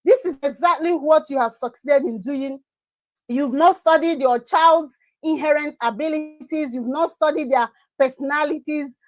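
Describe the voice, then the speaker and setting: A woman with a notably high voice gives an emphatic, sermon-like talk to parents and teachers. She drives her points home by repeating phrases. The sound is dry and close, with no room echo. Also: moderate pace. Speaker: conference speaker on parenting. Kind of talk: preaching-style motivational talk.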